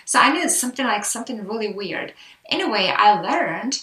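A middle-aged woman from the Soviet Union, speaking with a Russian accent, chats as an interview guest and animatedly acts out the people she quotes. Her voice is on the high side and a little fast, over a roomy, low-quality recording.

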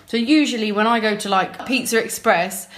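A young woman from England chatting casually as co-host, wry and quick to laugh. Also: on the high side, a bit bright. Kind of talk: casual chat.

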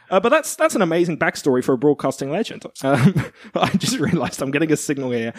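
Fast-talking joking podcast host, a man. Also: on the high side, big pitch swings. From not Australia. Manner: quick, joking, riffs into mock quotes. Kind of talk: casual comedy podcast chat.

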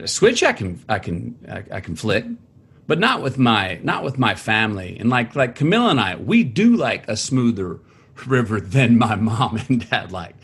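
Husky guy telling family stories, lots of restarts, voice jumps all over when he quotes people. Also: medium pitch. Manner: halting, many restarts, animated quoting of family. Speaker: interview guest, author. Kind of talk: conversational storytelling.

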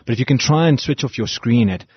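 Upbeat man, husky voice. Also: mid-range voice, lively intonation, fast. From South Africa. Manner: upbeat, playful, enthusiastic. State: slightly out of breath. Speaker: podcast co-host. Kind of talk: casual podcast chat. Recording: dull close-miked sound.

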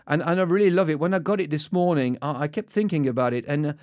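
A man's voice: fairly high pitch, fast talker, darkish tone, no echo, studio quality. French-accented male host, curious and hesitant. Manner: curious, hesitant, repeats words. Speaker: podcast host. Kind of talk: casual interview chat.

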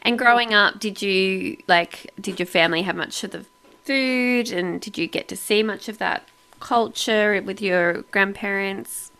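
A woman's voice: mid-range voice, unhurried, bright, forceful tone, clear, resonant tone. An Australian woman hosting a podcast, chatting casually, laughing often and rambling a little. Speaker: podcast host. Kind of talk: casual chat.

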